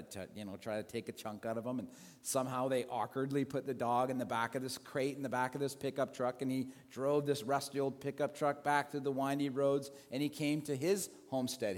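A man's voice: medium pitch, steady tone, fairly quick. A male pastor telling a story in a sermon, conversational, with restarts and asides. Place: church sanctuary. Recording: long hall reverb.

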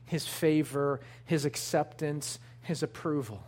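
A man preaching a sermon, earnest and emphatic, slowing down to lean on key words. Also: a little high, a little mellow. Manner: earnest, emphatic preaching with slow deliberate stresses. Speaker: pastor.

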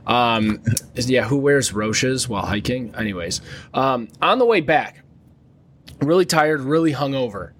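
A man co-hosting a casual podcast, spinning a crude, jokey travel story. He rambles along with plenty of fillers in a mid-pitched voice. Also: lively intonation, measured pace, a bit bright, a little hiss or hum. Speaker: podcast co-host.

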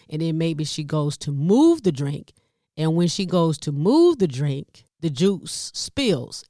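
A woman in her fifties from the Southern United States, a podcast host with a Southern American accent, telling caregiving stories in a lively way with asides and laughter. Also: deep voice, no room sound, studio quality. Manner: lively storytelling with asides and laughs, addresses listeners as y'all. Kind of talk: candid caregiving talk.

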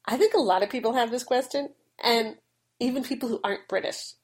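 Earnest woman podcaster, slightly high voice. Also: a little fast, a little mellow. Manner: earnest, conversational, with occasional laughs. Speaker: Christian marriage blogger and podcaster. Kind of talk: solo podcast teaching.

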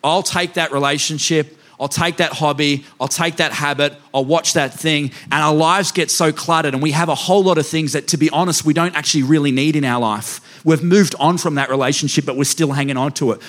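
A man's voice: a little high, fairly quick, hardly any pauses, a bit bright. Playful man preaching with jokes. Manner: playful, self-mocking, addresses the congregation directly. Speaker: pastor. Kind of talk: humorous sermon with personal stories. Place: church.

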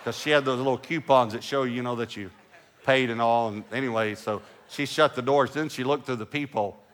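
A middle-aged male pastor preaching a sermon, an animated storyteller who drops to hushed lows and rises to loud bursts. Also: fairly quick, a little hiss or hum.

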